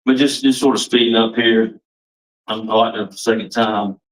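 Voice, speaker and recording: A man's voice: fairly low pitch, fairly even intonation, moderate pace, recorded from a distance, low-quality recording. A man giving a rambling personal testimony, casual and full of restarts. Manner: rambling, restarts often, casual Southern phrasing. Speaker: testimony speaker.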